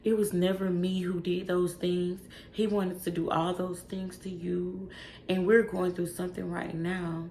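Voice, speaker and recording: A woman putting on a soft-spoken wife who keeps her voice hushed. The tone is low and a little gravelly. The room sounds echoey. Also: little pitch movement, unhurried, a little hiss or hum. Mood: placating.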